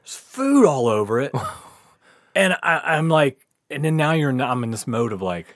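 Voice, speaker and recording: A man's voice: mid-range voice, moderate pace, no room sound, studio quality. A man casually telling a long, funny story, laughing often, swearing, and acting out what people said. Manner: animated, laughing, swears often, acts out quotes. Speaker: podcast guest storyteller.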